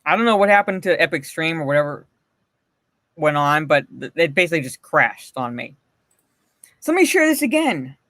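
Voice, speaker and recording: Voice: mid-range voice, sing-song, moderate pace, long pauses, fairly bright tone, no echo. Profane, laughing livestream host. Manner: blunt, profane, often laughing, greets chatters by name. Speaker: livestream host reading posts to chat. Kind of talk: casual livestream commentary.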